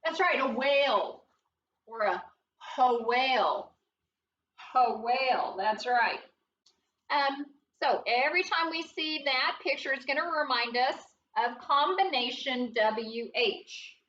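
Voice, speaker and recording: A woman teaching a phonics lesson to young children, spelling words slowly and prompting them with encouragement. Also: high-pitched, fairly bright tone, a little hiss or hum. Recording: dull, roomy sound from a distance.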